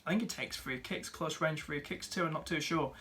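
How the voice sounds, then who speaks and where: A man's voice: fairly high pitch, fairly quick, pushed and bright. Upbeat chatty young man. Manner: chatty, upbeat, many fillers, calls viewers mate and dude. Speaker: fantasy football YouTuber. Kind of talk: casual commentary rating viewer teams.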